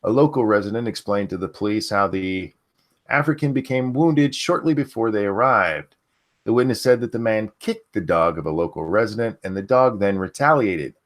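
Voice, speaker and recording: Lively low-voiced male stream host. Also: normal speed. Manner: blunt, swears freely, animated. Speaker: podcast host. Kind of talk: casual livestream news chat.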